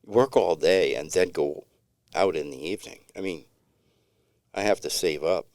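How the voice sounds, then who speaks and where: A man's voice: low-pitched, moderate pace, a little mellow, dry recording, studio quality. A middle-aged man co-hosting a podcast, telling a long story in a rambling, laid-back way with many restarts. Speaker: podcast co-host. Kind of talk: casual storytelling chat.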